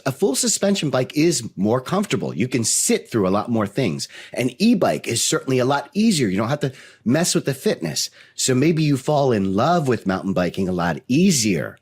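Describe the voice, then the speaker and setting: Male co-host, husky, lively delivery, teasing chat. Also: fairly low pitch. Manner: playful, teasing, plays devil's advocate. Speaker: podcast co-host. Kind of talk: casual chat.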